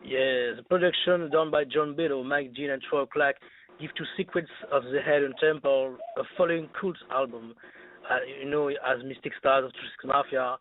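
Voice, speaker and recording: A man from France, calling in to ask a question in halting English, searching for words. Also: medium pitch, slight background noise. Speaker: caller. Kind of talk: phone-in question. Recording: tinny phone line on radio.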